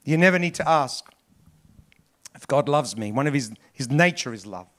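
Emphatic pastor preaching. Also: male voice, expressive, normal speed. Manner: emphatic, repetitive preaching with big swings in pitch and loudness. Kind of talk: sermon.

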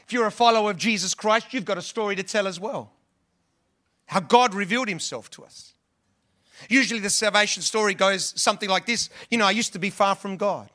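A pastor with a high, sharp-toned voice preaches a bit fast to his church. His sermon is earnest and conversational, and he often restarts his sentences.

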